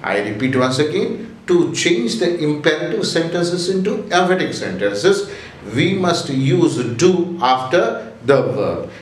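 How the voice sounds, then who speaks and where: A man teaching an English grammar lesson, speaking slowly and deliberately, repeating rules with frequent hesitations. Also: a little high, big pitch swings, far from the mic, slight background noise. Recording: very echoey room, voice from off-mic.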